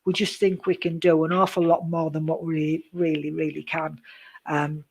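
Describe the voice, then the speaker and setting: A woman giving psychic readings on a live stream, chatty and rambling, greeting viewers by name, with many pauses and "um"s. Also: low voice, little pitch movement, gravelly, darkish tone. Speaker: psychic reader.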